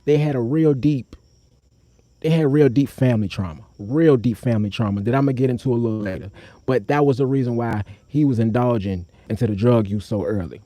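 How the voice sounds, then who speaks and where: Slangy man with a mellow, dark voice. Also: brisk, no echo. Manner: loose, slangy, talks straight to the chat and breaks off the story; acts out other people's voices with sharp jumps up in pitch. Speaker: storyteller and streamer. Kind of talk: live-streamed personal storytelling.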